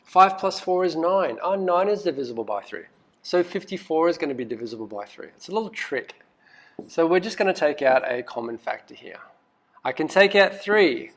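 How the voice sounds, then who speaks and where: A male math teacher works through a recorded lesson in a lively way, asking many questions, coaxing students and muttering asides as he thinks aloud. His voice is on the high side at a normal speed.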